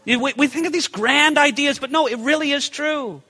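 A man with a very high voice preaches at normal speed in a big-room sound. His conversational expository sermon is animated, with rhetorical questions and acted-out portrayals of the people in the text.

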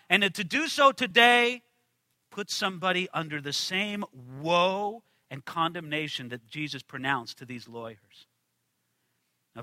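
A man preaching a sermon, swinging between loud emphasis and hushed passages as he reads scripture aloud. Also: high voice, dry recording, in a large hall. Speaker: pastor.

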